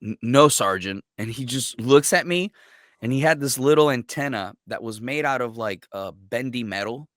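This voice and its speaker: A man who is a military veteran, guest on a podcast, telling stories in a casual, profane, animated way and acting out what others said. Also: mid-range voice, normal speed, no echo, studio quality. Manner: profane, animated storyteller who acts out quotes. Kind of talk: casual storytelling.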